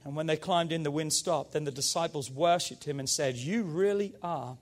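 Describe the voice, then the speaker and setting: Male pastor, high-pitched voice, fervent emphatic sermon delivery. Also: normal speed. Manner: energetic, emphatic preaching with call-and-response urging.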